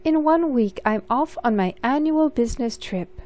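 A woman's voice: high-pitched, lively intonation, moderate pace, a little mellow, voice pushed up. A woman voicing a glamorous, secretive elderly great-aunt in a storybook reading, with a breezy manner that keeps calling people darling. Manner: breezy, says darling often.

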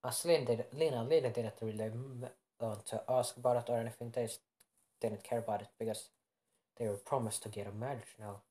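A young man makes up a fan story aloud, stopping to correct himself and filling gaps with hesitations. His voice sits at a middle pitch, unremarkable and conversational. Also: fairly even intonation, brisk, mellow. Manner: rambling, self-correcting, many fillers. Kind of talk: improvised fan-fiction narration.

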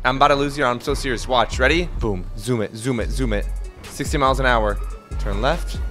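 A young man playing a robber in a role-play game, giving excitable, joking commentary to himself while he drives. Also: mid-range voice, a little fast, faint music behind. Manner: excitable, jokey, talks to himself while driving.

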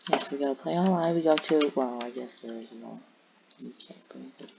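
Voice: medium pitch, lively intonation, normal speed, gravelly. A gameplay commentator rambling and muttering to themself while browsing game servers. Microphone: home headset or desk mic. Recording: dull lo-fi mic with faint hiss.

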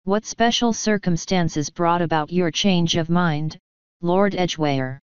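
A woman voicing a perplexed, polite male detective who speaks softly and thoughtfully. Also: lowish voice, clean tone, no echo. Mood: puzzled. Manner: soft, thoughtful, measured. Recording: dull dry recording.

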